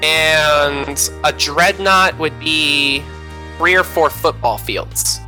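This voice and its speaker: Very bright-voiced man telling a gaming story. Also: on the high side, very slow, faint music behind, poor audio. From American South. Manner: storytelling, with frequent "uh" fillers. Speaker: podcast co-host. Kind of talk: casual gaming chat.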